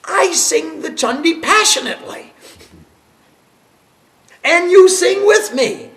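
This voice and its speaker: A male spiritual teacher leads a devotional class, telling stories in an animated, emphatic way and laughing along the way. His voice sits unusually high for a man. He speaks slowly, and his pitch rises and falls a lot. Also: vocal fry. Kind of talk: devotional class lecture with storytelling.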